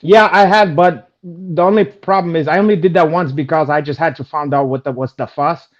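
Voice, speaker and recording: A man's voice: a little high, steady tone, brisk. A man co-hosting a casual chat show, joking and rambling in streetwise slang. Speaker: co-host. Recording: dull lo-fi stream audio.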